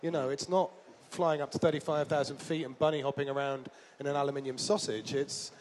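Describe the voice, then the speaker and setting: Interviewed as a guest, a traveller and author recounts his overland journeys in a mid-range, slightly mellow voice with a flat delivery and fairly quick pace, over slight background noise. It is casual storytelling, rambling and self-deprecating, packed with fillers and restarts.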